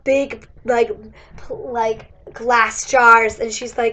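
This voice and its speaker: Young woman vlogger, high-pitched, chatty and giggly, voice going. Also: steady tone, takes it slowly, a bit bright, a little hiss or hum. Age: young adult. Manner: chatty, giggly, many likes and acted-out quotes. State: losing her voice. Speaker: college student vlogger. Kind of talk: casual storytelling chat. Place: indoors.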